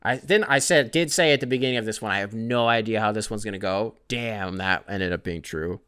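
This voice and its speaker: Bright-voiced rambling young podcast host man. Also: lowish voice, fairly quick, smooth. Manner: rambling, profane, self-deprecating. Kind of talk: solo casual podcast rant.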